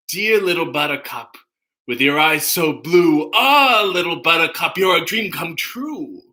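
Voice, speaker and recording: A man's voice: high-pitched, pushed and bright, heavily acted. A man putting on a smug sitcom neighbor, singing in a sing-song way.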